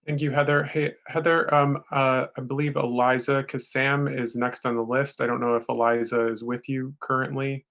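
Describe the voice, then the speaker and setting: A man moderating a council meeting, briskly calling the next speakers. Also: medium pitch, flat delivery, vocal fry, a bit bright. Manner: brisk, routine. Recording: faint background noise.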